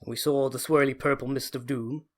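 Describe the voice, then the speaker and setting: A man's voice: mid-range voice, steady tone, fairly quick. A man giving chatty, enthusiastic gameplay commentary, often correcting himself. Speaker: let's play host.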